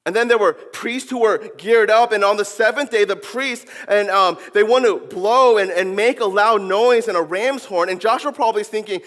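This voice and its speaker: A man's voice: sits high, normal speed, fairly bright tone, big-room sound. A man preaching a sermon in a playful way, acting out the voices of his listeners and of biblical figures. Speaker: pastor. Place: church sanctuary.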